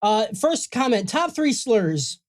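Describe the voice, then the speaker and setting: Brief: male podcast host, animated delivery, reads comments with a laugh. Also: very high-pitched, slow pace. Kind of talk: crude casual chat.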